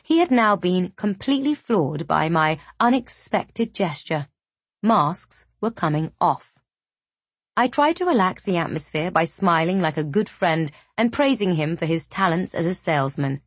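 A woman narrating a first-person novel in a measured, even audiobook reading. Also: lowish voice, no echo.

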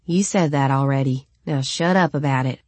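A woman's voice: very deep voice, normal speed, darkish tone, husky, dry recording, voice pushed down. Woman playing a blunt, sarcastic tough woman. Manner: curt, sarcastic, swearing. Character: blunt, tough young woman, gruff but caring.

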